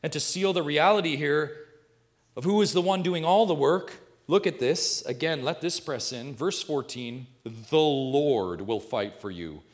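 A male pastor preaching a sermon, reading scripture and swinging from hushed, intimate remarks to emphatic, repeated declarations. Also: on the high side, normal speed.

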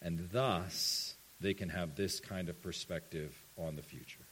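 A man preaching a sermon to his church, earnest, dropping to hushed tones and rising to emphatic ones. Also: deep voice, a little slow, a little hiss or hum. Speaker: pastor.

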